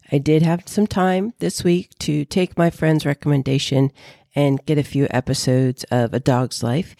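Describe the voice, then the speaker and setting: Animated, gravelly-voiced woman vlogger. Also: rumbling low, no echo, clean studio sound. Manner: animated, chatty. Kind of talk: casual chat.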